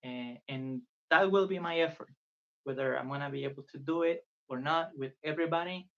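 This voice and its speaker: A man's voice: fairly high pitch, a little fast, gravelly, a bit bright. A man teaching a beginner language lesson on a live stream, patient and earnest, repeating phrases for viewers to copy. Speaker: Spanish tutor. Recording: dull lo-fi sound.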